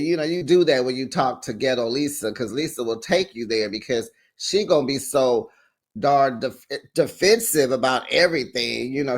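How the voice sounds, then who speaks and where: A man hosting a casual recap of a reality show, sassy and animated, acting out quotes and laughing between remarks. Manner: sassy, animated, acts out quotes with sharp pitch jumps. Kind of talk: casual chatty recap commentary.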